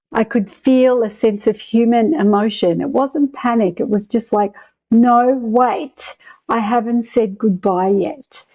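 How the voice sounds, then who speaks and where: A woman's voice: a little high, rough recording. A woman, an interview guest earnestly and reflectively recounting a near-death experience. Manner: earnest, reflective storytelling with soft laughs.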